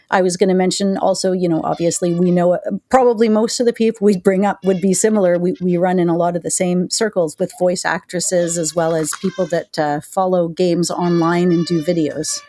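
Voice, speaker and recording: A woman's voice: on the low side, dark tone, no echo. A woman hosting a podcast, chatting casually and enthusiastically with lots of fillers. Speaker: podcast host. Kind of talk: casual chat.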